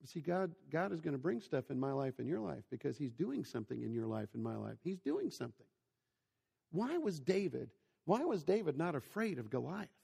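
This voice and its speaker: Gravelly man preaching in a hall. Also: on the high side, big pitch swings, a little fast, warm tone. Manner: storytelling, conversational, rhetorical questions to listeners. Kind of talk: sermon. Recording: long hall reverb.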